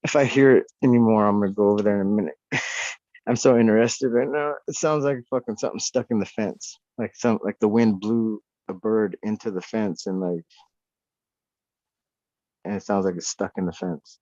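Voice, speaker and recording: Profane, excitable male guest, slightly low voice, muffled remote-call audio. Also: moderate pace, dry recording. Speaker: podcast guest. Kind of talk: casual chat. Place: off-grid homestead at night.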